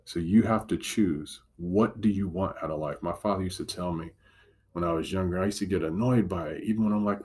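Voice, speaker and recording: A man's voice: low voice, fairly quick, a little mellow, breathy edge. A man giving a devotional teaching talk as a Christian motivational speaker, earnest and encouraging, driving points home with repetition.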